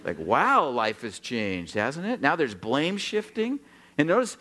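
A man's voice: medium pitch, a little slow. A man in his sixties from Oregon preaching a sermon, telling stories with acted-out dialogue and joking with the congregation. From Oregon, USA. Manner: animated storytelling, acts out dialogue, jokes with the congregation. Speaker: pastor.

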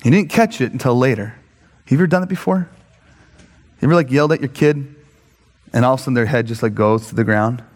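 A man preaching a sermon with comic stories, animated and given to high mock voices when quoting people. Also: fast, long pauses, long reverb tail. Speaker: pastor.

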